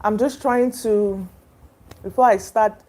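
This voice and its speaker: A woman's voice: mid-range voice, fairly even intonation, takes it slowly, warm tone. A woman hosting a casual livestream, greeting viewers and chatting in a rambling, hesitant way with many fillers. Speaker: livestream host. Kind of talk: casual live-stream chat greeting viewers.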